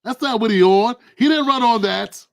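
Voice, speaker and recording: A man hosting his own political commentary livestream, talking in an animated, preachy, colloquial way. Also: very high voice, normal speed, gravelly, dry recording, clean studio sound. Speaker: livestream host.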